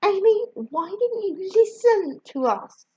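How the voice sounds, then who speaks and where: Woman voicing a soft, hurt schoolgirl. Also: very high voice, sing-song, slow pace, dull audio, slight background noise, voice pushed up, heavily acted.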